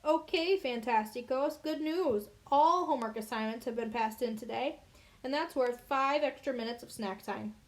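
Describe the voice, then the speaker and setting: A woman's voice: on the high side, moderate pace, natural voice. A woman reading aloud as an upbeat male schoolteacher making a cheery announcement to the class.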